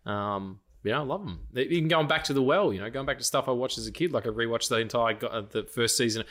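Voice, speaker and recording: In a casual podcast chat, a late-30s male co-host speaks fast in a medium-pitched, slightly bright voice. He swears, laughs and restarts his sentences as the conversation rambles loosely.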